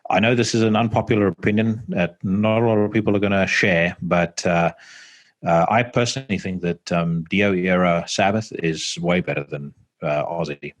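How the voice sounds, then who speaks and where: A man's voice: low-pitched, steady tone, moderate pace. A man hosting a podcast, chatting casually and rambling with lots of fillers and the odd swear word. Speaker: podcast host. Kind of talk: casual chat. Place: home podcast setup.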